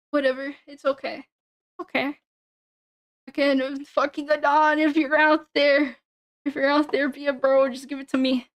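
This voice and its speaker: A young woman chatting casually on a stream, rambling, swearing and giggling often. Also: high voice.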